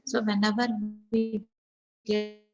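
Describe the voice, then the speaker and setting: A woman's voice: medium pitch, level tone, takes it slowly, muffled recording, over music. A woman teaching an online English class, explaining step by step, often saying 'okay, so' and repeating example sentences aloud.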